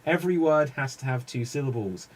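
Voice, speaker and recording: A man's voice: medium pitch, expressive, brisk. A man with a British accent hosting a live improv comedy show, announcing scenes and explaining game rules in an upbeat way.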